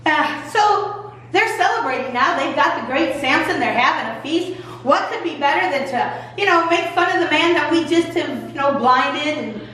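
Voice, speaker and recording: A woman pastor retelling a Bible story in a lively, jokey, colloquial way, recorded from far off in a church. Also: high-pitched, moderate pace. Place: church sanctuary. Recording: echoey hall, mic far off.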